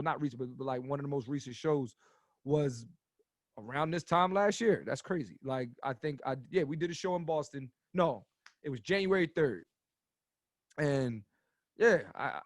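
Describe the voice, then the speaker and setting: Animated thirty-something man telling stories. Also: a little high, normal speed, no room sound, studio quality. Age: 30s. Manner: animated, swears freely, gets loud telling stories. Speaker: comedian guest. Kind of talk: casual podcast storytelling.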